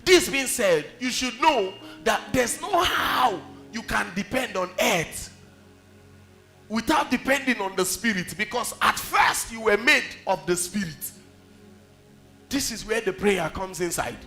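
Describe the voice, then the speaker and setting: A Nigerian-accented man preaches in a high, bright, forceful voice. He tells stories with emphasis and fires off rhetorical questions at the congregation. Faint music plays underneath. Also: lively intonation, measured pace. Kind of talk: sermon.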